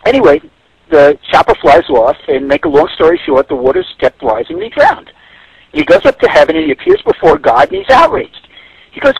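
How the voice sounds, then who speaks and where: A man's voice: on the high side, wildly swooping pitch, a little fast, creaky, husky, no echo, low-quality recording. A man giving a radio interview as a guest, telling stories in a reflective way. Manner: storytelling, reflective.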